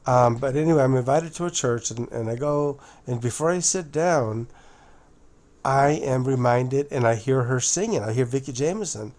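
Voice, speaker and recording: A male video presenter delivers a casual monologue to his viewers, addressing them directly as "guys." He speaks haltingly, often restarting or repeating words, in a mid-range voice with a darkish tone.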